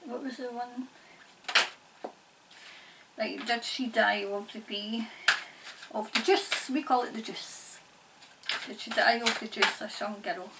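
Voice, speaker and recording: A woman giving a spirit-channelling reading in halting, repetitive, murmured phrases. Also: fairly high pitch, steady tone. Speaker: tarot reader and medium. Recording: distant mic, faint background noise.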